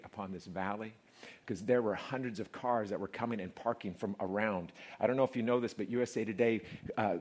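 A male pastor preaching a lively sermon to a congregation in church, swinging from quiet asides to loud, laughing, shouting peaks. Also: lowish voice, slightly rough. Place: church before a live congregation.

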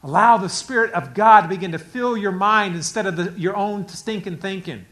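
High-voiced man preaching a sermon. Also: normal speed. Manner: animated preaching, swinging between hushed and loud. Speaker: pastor.

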